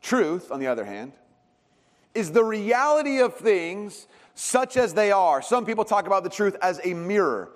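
A man preaching a sermon as a pastor, telling stories with animated swings in pitch and loudness. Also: moderate pace. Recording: long reverb of a large hall.

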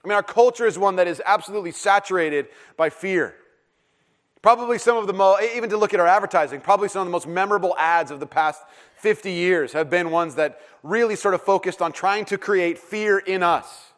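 A middle-aged man preaching a sermon in a casual, joking and animated way, with plenty of fillers and restarts. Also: sits high, fairly quick. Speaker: pastor.

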